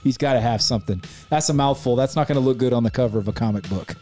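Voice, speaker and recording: A man co-hosting a casual podcast, talking in an upbeat, excitable way and laughing often. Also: mid-range voice, fast, soft background music. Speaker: podcast co-host.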